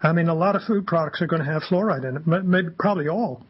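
A man, a radio guest, telling anecdotes in an animated way and acting out the quoted dialogue. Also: on the high side, fast, husky, highs cut off. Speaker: guest, campaigner. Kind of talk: anecdotal storytelling on a radio talk show.

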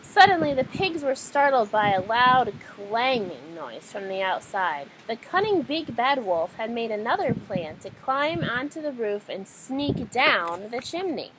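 A woman reading a children's story aloud, animated and expressive. Her fairly high voice rises and falls a great deal as she tells it. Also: a little slow, hardly any pauses, a little hiss or hum, poor audio. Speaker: storybook reader.

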